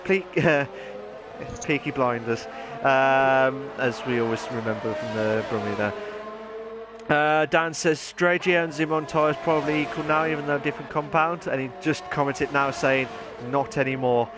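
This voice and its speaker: A man giving chatty live commentary on an online racing league, rambling and then bursting into excited shouts. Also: medium pitch, moderate pace, background noise. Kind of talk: live esports race commentary.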